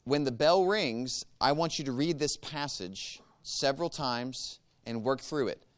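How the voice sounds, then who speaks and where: A man guides a church group through meditative prayer, one step at a time. His voice is smooth and resonant and sits at a middle pitch. He speaks in a calm, measured way. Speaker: church teacher leading a meditation class. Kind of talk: teaching a guided prayer practice.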